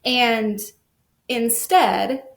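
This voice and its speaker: A middle-aged woman, a guest parent, telling her experiences in an earnest, animated way in a casual podcast chat. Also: a little high, extremely slow. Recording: echoey room.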